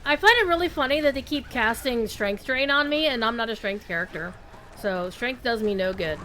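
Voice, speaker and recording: A woman's voice: fairly high pitch, a little fast, pushed and bright. A woman streamer giving wry, chatty commentary while playing a game. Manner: chatty, wry, throat-clearing. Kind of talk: casual gameplay commentary.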